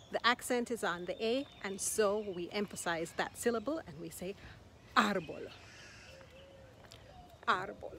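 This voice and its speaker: A woman teaching a language lesson at an unhurried pace, sounding encouraging and patient. She repeats each word slowly and distinctly so the listener can follow. Noticeable background noise runs under her voice from an outdoor spot. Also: mid-range voice. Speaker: Spanish teacher. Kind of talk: slow, clear language lesson. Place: outdoors in Mexico.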